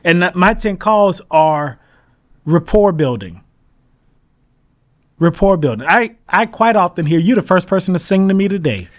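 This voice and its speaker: A man being interviewed as a mortgage broker, talking in an animated, emphatic way and acting out his phone calls. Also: high voice, normal speed, pauses often. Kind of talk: casual interview talk.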